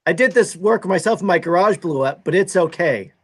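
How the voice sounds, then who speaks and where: A man co-hosting a board game live stream, trading dry, wry jokes in group chat. His voice sits high and jumps lively up and down. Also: fairly quick, slightly rough.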